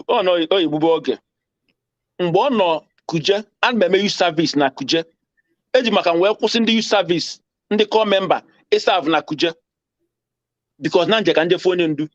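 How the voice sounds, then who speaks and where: High-voiced male caller on a dull line. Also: dry recording. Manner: mixes Igbo and English, repeats lines for emphasis. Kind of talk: impassioned phone call. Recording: dull dry phone call.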